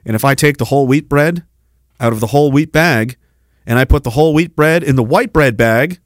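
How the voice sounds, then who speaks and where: A man's voice: mid-range voice, fairly quick, no room sound, clean studio sound. A man hosting a solo podcast rant, sarcastic and profane, reading out viewer comments and mocking them. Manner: sarcastic, heavy swearing, mocking asides. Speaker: podcast host.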